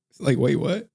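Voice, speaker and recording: A man's voice: fairly high pitch, vocal fry, warm tone, breathy edge. A male streamer in a casual, profane rant to his viewers, slangy and often laughing.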